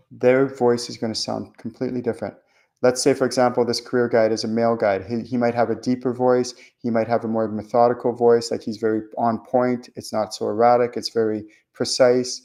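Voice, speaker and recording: A man hosting a spiritual show, talking casually in a rambling, animated way with many fillers and restarts. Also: medium pitch, a little fast, vocal fry. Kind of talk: casual teaching monologue.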